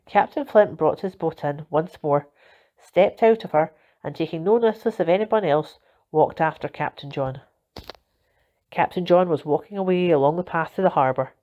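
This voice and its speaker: A woman narrating a children's storybook in a steady, expressive reading voice. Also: low-pitched, moderate pace. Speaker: volunteer reader. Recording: dull lo-fi recording.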